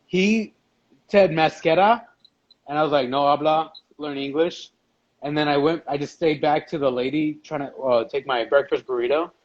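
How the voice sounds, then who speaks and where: A man's voice: a little high, moderate pace. Laughing, storytelling man on lo-fi audio. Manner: storytelling, laughs often, profane. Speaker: podcast host. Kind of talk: casual chat.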